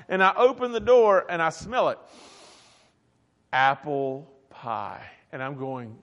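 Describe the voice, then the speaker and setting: A man's voice: fairly high pitch, fairly bright tone. A man preaching a humorous sermon, telling stories with playful asides and acting out the quotes. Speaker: pastor. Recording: reverberant hall recording.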